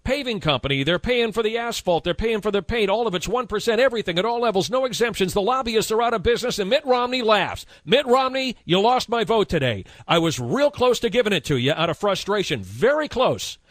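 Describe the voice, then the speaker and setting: A man's voice: sits high, big pitch swings, brisk, hardly any pauses, dry recording, studio quality. A male radio talk host delivering a heated, indignant on-air rant, hammering his points with repetition. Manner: indignant, impassioned, emphatic repetition.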